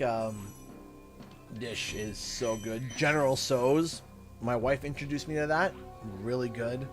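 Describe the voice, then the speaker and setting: A young man, hosting a gaming livestream and chatting with viewers in a jokey, animated way. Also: mid-range voice. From Canada. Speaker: livestream host. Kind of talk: casual gaming livestream chat. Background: game music.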